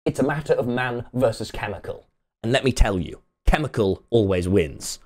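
A man quoting a stern, serious male doctor in a slow, deadpan lecturing tone. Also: mid-range voice, close to an everyday voice.

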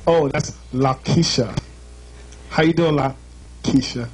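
A man's voice: mid-range voice, slow, slight background noise, low-quality recording. A man with a Jamaican accent hosting a live show, joking and teasing his crowd in a playful, chatty way.

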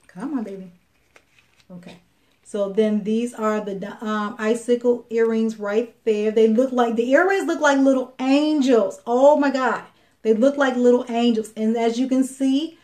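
A chatty woman with a fairly high voice shows off jewelry on a live video stream. She repeats herself and fills pauses with ums as she talks close to a phone or webcam. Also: warm tone. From Chicago, Illinois.

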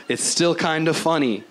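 A man's voice: a little high, a little slow. A man doing an improvised stand-up set on a club stage, loose and rambling, swearing a lot and mocking himself. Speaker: stand-up comedian. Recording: noisy live club recording. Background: audience laughter.

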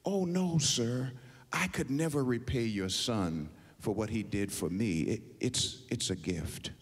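Humble young male soldier, read by a preacher, husky, slow. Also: medium pitch. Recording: long hall reverb.

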